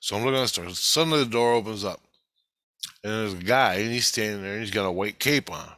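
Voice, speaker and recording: A man's voice: lowish voice, fast talker, a bit bright, dry recording. A man in a casual spoken monologue, recounting a spiritual experience in an agitated, rambling way and swearing heavily.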